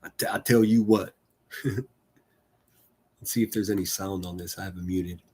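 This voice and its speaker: A man's voice: low voice, fairly even intonation, unhurried, darkish tone, slightly rough. A man hosting a live stream, making casual running commentary with crude jokes and frequent laughter. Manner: joking, laughs often, crude teasing humor.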